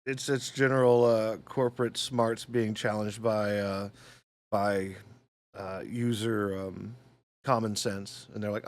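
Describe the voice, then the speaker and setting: A man co-hosting a casual gaming podcast, bringing up news stories in a halting way with many restarts. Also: lowish voice, steady tone. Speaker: podcast co-host reading news.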